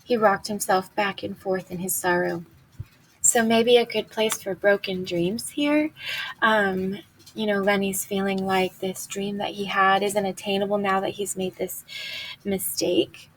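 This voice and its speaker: A woman, a teacher, reading a novel aloud in a steady, unhurried way, pausing now and then for teaching comments. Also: medium pitch, a little hiss or hum, low-quality recording.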